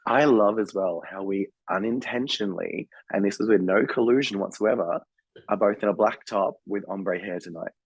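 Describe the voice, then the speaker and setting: A man, hoarse and husky from being sick, chatting casually as a podcast co-host. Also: on the low side, normal speed, dry recording, low-quality recording. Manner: chatty, laughs easily. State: hoarse from illness. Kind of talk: casual chat.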